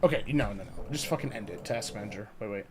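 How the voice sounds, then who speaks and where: A young man chatting live on a game stream, excitable and swearing, laughing often and talking to his chat. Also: lowish voice, fast, crowd noise.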